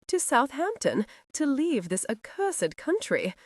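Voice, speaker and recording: A woman voicing a frightened but defiant young gentlewoman who pleads in a high, strained voice. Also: sing-song, a little slow, dry recording, clean studio sound. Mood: frightened pleading.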